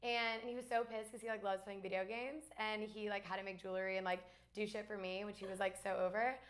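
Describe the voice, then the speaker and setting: A young woman from Alabama, a guest in a casual chat, talking fast with lots of fillers and laughs. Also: mid-range voice, little pitch movement. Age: young adult.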